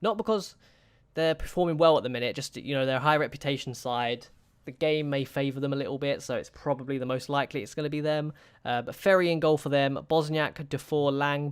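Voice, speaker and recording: Smooth-voiced man fretting over a football sim. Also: a little high, no echo. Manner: anxious, pleading, talks to his players. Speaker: gaming YouTuber. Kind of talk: casual gameplay commentary.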